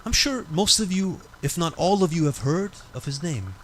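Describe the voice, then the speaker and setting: Emphatic high-voiced male preacher. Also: animated, moderate pace, fairly bright tone, a little hiss or hum. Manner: dramatic, emphatic storytelling. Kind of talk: sermon storytelling. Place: mosque.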